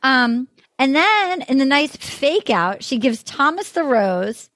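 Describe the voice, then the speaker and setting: High-voiced woman hosting a chatty podcast. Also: slow. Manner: animated storytelling with frequent laughs. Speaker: podcast host. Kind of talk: casual chat recapping a dating show.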